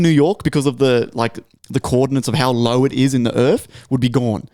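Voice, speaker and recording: A man co-hosting a podcast, chatting casually and retelling stories in a sweary, animated way. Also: medium pitch, fairly quick, hardly any pauses. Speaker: podcast co-host.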